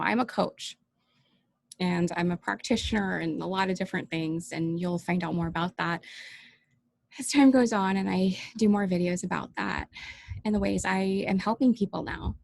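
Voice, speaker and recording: A woman coach speaks earnestly to her viewers in a personal vlog, pausing often and sometimes close to tears. Her voice has a slightly gravelly fry. The sound is close and dry. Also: medium pitch, fairly even intonation, darkish tone, no room sound. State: teary-eyed. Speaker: life coach and YouTuber.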